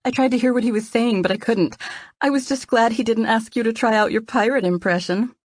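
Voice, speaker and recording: A woman's voice: fairly high pitch, fairly quick, no echo, clean studio sound, pitched above the performer's own voice, close to an everyday voice. A woman voicing a playful, teasing young female friend in an audiobook, with a bubbly delivery. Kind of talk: audiobook character reading.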